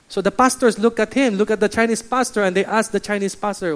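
High-voiced Filipino pastor preaching. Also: male voice, quick pace, few pauses, clean tone. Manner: emphatic, exhorting, repeats phrases. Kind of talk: sermon.

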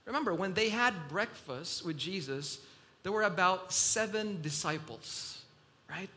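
Man, preacher, high voice, bright tone, slow emphatic sermon. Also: a little hiss or hum. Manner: slow, emphatic preaching that swells and drops in volume.

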